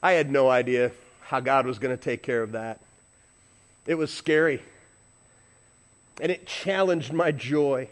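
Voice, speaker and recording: A middle-aged man preaching a storytelling sermon, swinging from hushed asides to loud, excited passages. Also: mid-range voice, a little slow, pauses often. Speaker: pastor.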